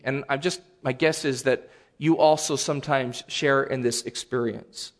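A man preaching a sermon as a pastor, earnest and animated, with sudden loud bursts. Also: on the high side.

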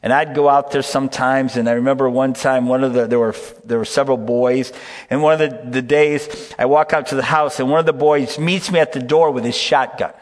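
A middle-aged pastor preaches in a folksy storytelling way, often breaking off to ask his listeners "okay?". His voice sits at a middle pitch for a man. It rings out with a long reverb, as in a large church hall. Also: fairly even intonation, fairly quick. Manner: folksy, peppers stories with "okay?". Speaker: pastor and camp director. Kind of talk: storytelling sermon.

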